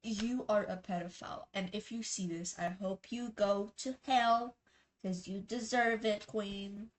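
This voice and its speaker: A woman's voice: medium pitch, fairly even intonation, unhurried. A young woman telling a personal story in a casual vlog, rambling and blunt, with lots of fillers and swearing. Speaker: vlogger.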